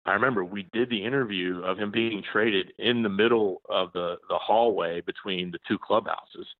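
A man's voice: on the low side, normal speed, no room sound. A man in his forties, a journalist guest, chatting in a rambling way with many restarts and fillers. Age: 40s. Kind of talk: casual interview chat. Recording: tinny phone line, dry.

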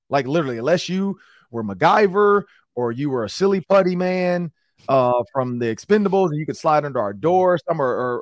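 A man hosting a sports talk show, telling a story in casual podcast style, animated and slangy. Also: fairly high pitch, dry recording, studio quality. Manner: animated, acts out quotes in slangy banter.

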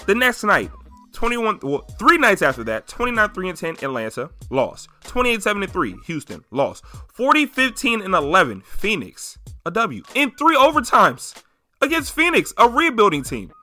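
Young man, solo sports podcast host, emphatic rant, high voice, bright tone, faint music behind. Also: normal speed. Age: 20s. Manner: emphatic, animated, repeating points for effect.

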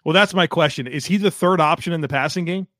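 A man's voice: fairly high pitch, quick pace, sharp tone, no room sound. Easygoing male podcast co-host, dry mic. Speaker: podcast co-host, football analyst. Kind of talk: casual sports chat, reading listener takes.

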